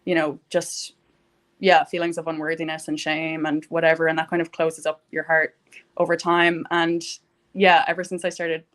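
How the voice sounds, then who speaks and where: A young woman talking warmly about gratitude in a casual conversation, rambling with many fillers. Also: sits low, completely flat delivery, moderate pace. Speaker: guest.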